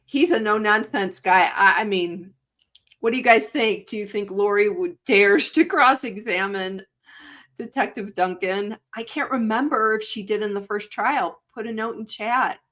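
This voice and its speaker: A woman's voice: medium pitch, normal speed, fairly bright tone. Female co-host, casual livestream chat, exclamatory and laughing. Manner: chatty, laughs often, exclaims "oh my goodness".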